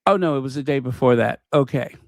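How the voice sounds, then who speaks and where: Gravelly man hosting casual commentary. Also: mid-range voice, fast talker, dry recording, studio quality. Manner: thinking aloud, stops to find and set up clips. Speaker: channel host.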